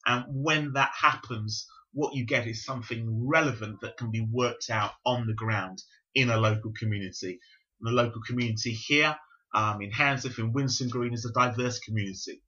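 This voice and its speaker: A man in his fifties from South London, speaking with a London accent as a bishop being interviewed on a podcast, explaining in a measured, reflective way. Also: medium pitch, bright, forceful tone. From South London, England. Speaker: Pentecostal bishop, guest. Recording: dull lo-fi recording.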